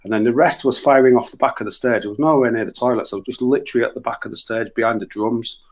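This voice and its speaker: A man's voice: medium pitch, fast. A middle-aged man with a Yorkshire accent, telling crude, sweary stories in a casual chat on a radio show. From Yorkshire, England. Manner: crude, swearing, animated anecdotes with put-on voices.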